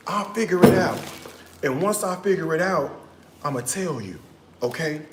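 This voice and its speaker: Chatty animated man in an echoey kitchen. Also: fairly high pitch, normal speed, long pauses, very noisy. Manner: chatty and animated, talks straight to viewers with frequent asides; slips into hushed, half-sung tones now and then. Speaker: cooking livestream host. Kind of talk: casual chat while cooking on a livestream. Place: home kitchen.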